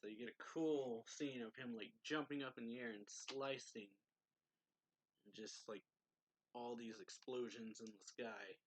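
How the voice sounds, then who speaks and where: A man's voice: medium pitch, unhurried, poor audio. A man reviewing a manga chapter in a casual, rambling recap full of fillers. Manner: rambling, filler-heavy, laughs often. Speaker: anime reviewer.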